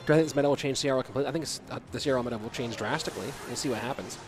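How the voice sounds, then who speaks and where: An American man casting an esports match alone, talking quietly and musing aloud as he reads chat. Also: mid-range voice, rapid-fire, soft background music. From USA. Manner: quiet, subdued delivery to keep from waking a child; casual, musing, asks himself questions aloud. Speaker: esports caster. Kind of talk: solo esports commentary with chat reading.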